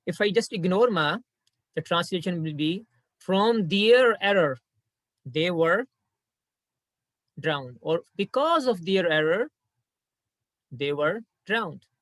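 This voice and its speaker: A man gives a patient grammar lesson in a slightly raised voice. He repeats key points and recites short verses at a quick clip. The sound is dry and close. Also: high voice, animated, fairly bright tone, no echo. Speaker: Quran grammar teacher. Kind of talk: explaining Arabic grammar lesson.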